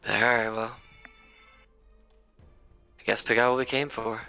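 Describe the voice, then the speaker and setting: A man's voice: mid-range voice, flat delivery, a little slow, creaky, sharp tone, clean tone, faint music behind, poor audio. A man playing his character in a tabletop game, blunt and insistent with a wry edge. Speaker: player.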